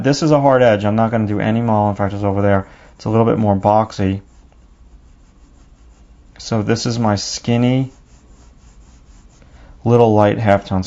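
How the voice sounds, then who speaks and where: A man with a lowish, gravelly voice teaches drawing step by step. He is unhurried and talks himself through each stroke as he works. The recording sounds dull and lo-fi. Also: darkish tone. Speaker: drawing instructor.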